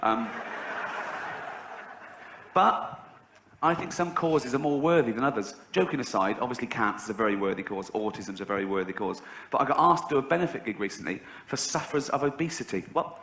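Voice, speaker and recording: A middle-aged comedian from England, speaking a little fast, performs stand-up in a large theatre. His deadpan tales erupt into high shrieks when he plays other people, while the roomy hall fills with audience noise and laughter.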